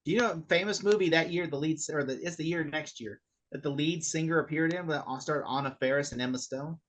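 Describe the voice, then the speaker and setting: Animated higher-voiced man retelling scenes. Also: fast. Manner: animated storytelling, acts out scenes with laughs. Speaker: podcast co-host. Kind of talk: casual chat.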